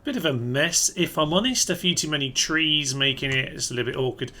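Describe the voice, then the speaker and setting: A man's voice: on the high side, animated, fairly quick, sharp tone. A man giving casual let's-play commentary on a strategy game, wry and sarcastic, often talking straight to his own units. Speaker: gaming video host.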